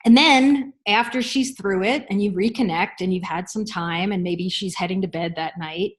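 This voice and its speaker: Woman, parenting coach; reflective, pausing, mid-range voice. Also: medium pitch. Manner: reflective, measured, with thoughtful pauses and fillers. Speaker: parenting coach answering listener questions. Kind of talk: unscripted advice talk.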